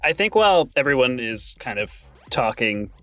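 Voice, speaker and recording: A man playing a tabletop role-playing game, calmly describing what his character does. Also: medium pitch, normal speed, no room sound, faint music behind. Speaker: player. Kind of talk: casual tabletop play.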